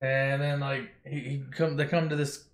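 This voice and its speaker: A man's voice: medium pitch, little pitch movement, normal speed. Sarcastic, profane man retelling a movie. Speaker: narrator. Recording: echoey room.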